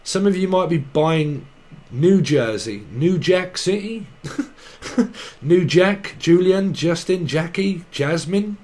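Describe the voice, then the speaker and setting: A man's voice: sits high, animated, slow, a little mellow. A man giving a loose, free-associating tarot reading, riffing on words and laughing at himself. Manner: free-associating wordplay, giggly asides. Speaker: tarot reader. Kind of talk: rambling tarot channelling monologue.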